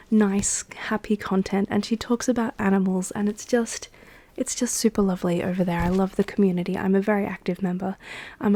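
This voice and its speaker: Woman, ASMR Q and A host, whispery, unhurried, mellow tone. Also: mid-range voice, creaky. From Australia. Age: adult. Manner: whispery, unhurried, with soft laughs and fillers. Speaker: ASMR creator answering viewer questions. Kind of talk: soft-spoken ASMR Q and A.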